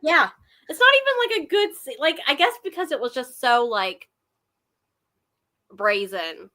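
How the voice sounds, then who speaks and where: A woman's voice: high-pitched, sing-song, a little slow, bright, forceful tone. A woman hosting a book club chat, rambling and giggly, with lots of fillers. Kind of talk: casual chat.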